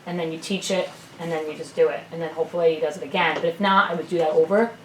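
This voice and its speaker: A woman's voice: low voice, steady tone, rapid-fire, a little hiss or hum. A young mother at a church seminar telling a story from home, chatty and full of "like"s. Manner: chatty, many "like"s. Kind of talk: telling a personal story in class. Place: church room. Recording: echoey room, mic far off.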